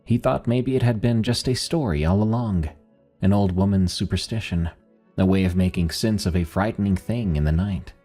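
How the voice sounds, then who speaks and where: Man narrating horror, very low husky voice, faint music under it. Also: moderate pace, dark tone. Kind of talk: scripted first-person horror narration.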